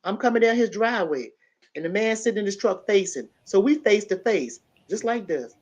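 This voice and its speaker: A woman, a panel guest telling a story in casual chat and acting out the loud parts. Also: medium pitch, a little fast. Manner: animated, builds to loud acted-out quotes.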